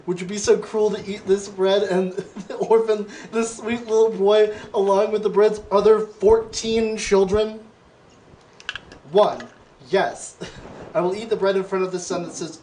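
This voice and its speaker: A man's voice: high voice, normal speed, slight background noise. A man hosting a casual comedy podcast, playfully reading quiz questions aloud and quizzing his guests. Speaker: podcast host.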